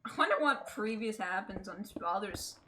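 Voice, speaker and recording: A woman's voice: mid-range voice, expressive, fairly quick, background noise. A woman streaming a game, chatting casually and playfully, laughing often. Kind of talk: casual gaming stream chat.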